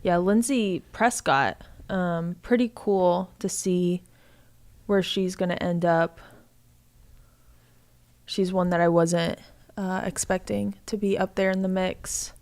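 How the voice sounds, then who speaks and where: A woman's voice: lowish voice, fairly even intonation, slow, a little mellow. A woman co-commentating a live running race, casual and upbeat, mostly answering her partner with short agreements and adding updates.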